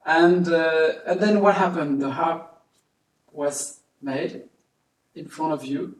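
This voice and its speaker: A man with a light French accent asks short questions and gives quick nods of assent in English. His voice sits somewhat high for a man. The sound is roomy and echoey, picked up from a distance. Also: slight background noise. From Brittany. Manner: brief encouraging prompts. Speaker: interviewer, harpist. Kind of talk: casual interview talk. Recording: echoey room, mic at a distance.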